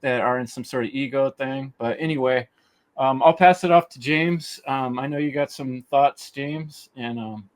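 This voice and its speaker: A man hosting a podcast roundtable, friendly and animated as he hands the talk between guests. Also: mid-range voice, normal speed. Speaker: podcast host. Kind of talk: casual roundtable chat.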